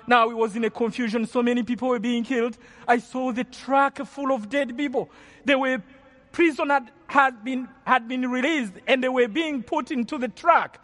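A man's voice: very high voice, fairly even intonation, moderate pace, fairly bright tone. A man from Rwanda giving an earnest testimony as a preacher, often repeating and restarting his phrases. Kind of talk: storytelling sermon testimony. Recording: long hall reverb.

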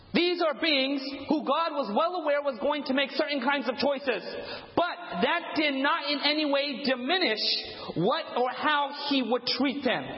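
A man preaching a sermon, telling stories and acting out the dialogue with animation. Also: very high-pitched. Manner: animated storytelling, acts out dialogue. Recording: echoey hall, dull lo-fi sound.

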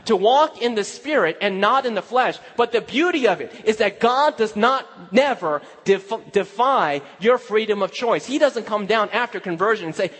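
A male pastor preaching a sermon, telling a personal story, dropping to hushed asides and rising to emphatic exclaims. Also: high voice, lively intonation, moderate pace, few pauses, husky. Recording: long hall reverb.

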